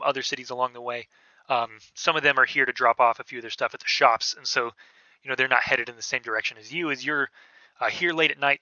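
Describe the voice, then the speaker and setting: Game master, male, bright tense voice, dry dull lo-fi sound, halting casual narration. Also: medium pitch, no echo. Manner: casual, hesitant with many fillers. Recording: dull, lo-fi podcast audio.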